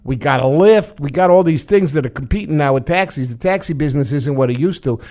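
An older man from New York talks politics in a sardonic, storytelling way. His voice sits slightly high for a man. He trades jokes and anecdotes in a loose, casual chat. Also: fast talker, mellow. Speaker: show host, former congressman.

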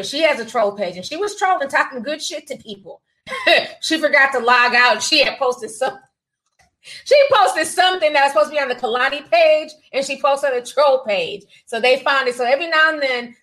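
Chatty sassy woman on a gossip stream, kinda high voice, laughs a lot. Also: a bit bright, rough recording. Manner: chatty, sassy, laughs often, says honey and child. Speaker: livestream host reading super chats. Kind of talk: casual celebrity gossip livestream.

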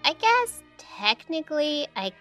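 A woman's voice: sits high, sing-song, a little slow, pushed and bright, soft background music, exaggerated voice. A woman voicing a small, shy female ghost with allergies in a children's audio story, talking in a timid, hesitant way. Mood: worried. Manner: timid, hesitant, easily embarrassed.

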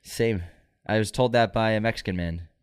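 A man's voice: fairly low pitch, moderate pace, clean tone. A man co-hosting a casual podcast, rambling with lots of fillers and restarts. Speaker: podcast host. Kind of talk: casual chat.

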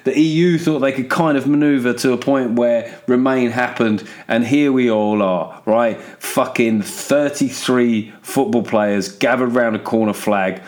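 An English man hosting a solo podcast, rambling in a sweary, sardonic way through politics, plugs and listener letters. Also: medium pitch. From England. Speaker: podcast host. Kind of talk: casual solo podcast monologue.

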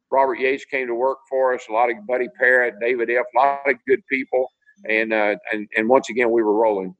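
A man's voice: mid-range voice, poor audio. An older man from Tennessee, a former racing driver telling stories in a video-call interview and acting out the dialogue. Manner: animated storyteller, acts out dialogue.

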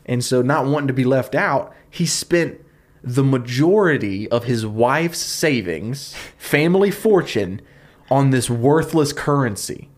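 A man co-hosting a comedy podcast, retelling a historical story in a loose, joking way with lots of fillers. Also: mid-range voice. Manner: fast, animated retelling with fillers and laughs. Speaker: podcast co-host pitching a story.

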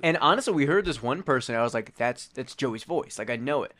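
A man co-hosting a casual podcast chat, telling a story in a relaxed, jokey way. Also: mid-range voice, brisk. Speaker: co-host and race crew member.

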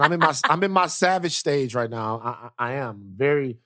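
A man hosting a podcast, telling stories in casual chat with lots of repeated words, sinking lower and softer when the story turns serious. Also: expressive, a little fast, few pauses, dry recording, studio quality. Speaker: podcast host.

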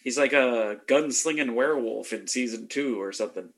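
A man in a casual chat among friends over a video call, wry and quick to laugh. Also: medium pitch, fairly bright tone.

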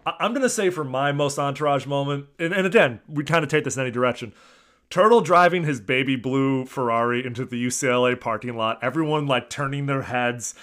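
A man's voice: medium pitch, a little fast, a bit bright. Chatty podcast co-host, a man. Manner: enthusiastic, quoting lines. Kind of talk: casual podcast chat.

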